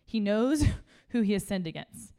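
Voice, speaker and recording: A woman, preaching a sermon in a conversational, animated way and laughing often. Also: medium pitch, measured pace, clean tone. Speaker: pastor.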